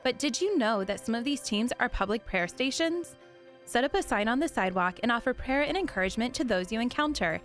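A woman reading a scripted promotional radio ad smoothly and upbeat. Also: fairly high pitch, expressive, a little fast, fairly bright tone, soft background music. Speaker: ad announcer. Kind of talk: scripted ad read.

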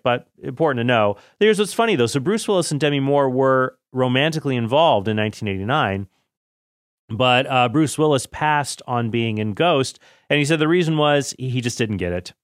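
A man's voice: mid-range voice, lively intonation, fairly quick, no room sound. Chatty man in his thirties, dry sound. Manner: chatty, self-correcting, laughs at himself. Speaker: film commentary host. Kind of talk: casual film commentary.

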